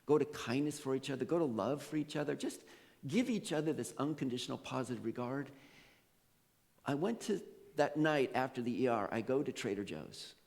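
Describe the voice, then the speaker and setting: A man's voice: medium pitch, fairly quick, gravelly, a little mellow, in a large hall. A male pastor preaching a sermon, telling a story with laughs and quoted voices. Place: church sanctuary.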